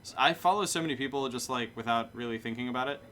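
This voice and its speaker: A man's voice: mid-range voice, fast, fairly bright tone, a little hiss or hum. A male live streamer and bartender, chatting casually in a matter-of-fact way, his sentences ending on a downbeat. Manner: matter-of-fact, falling inflections; rambling, self-correcting. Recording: music playing behind.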